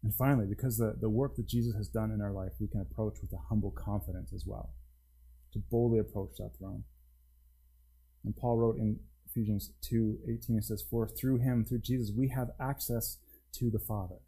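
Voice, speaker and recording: A man preaches in a relaxed, conversational way and often restarts his phrases. His tone is mellow and warm, and he drops to a hush on his key points. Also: lowish voice, fairly quick, breathy edge, poor audio. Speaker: pastor. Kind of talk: sermon.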